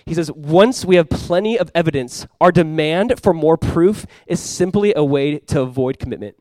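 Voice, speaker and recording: A male pastor preaching a sermon in an animated way, acting out quoted voices and often repeating words as he goes. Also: on the high side, normal speed, dry recording.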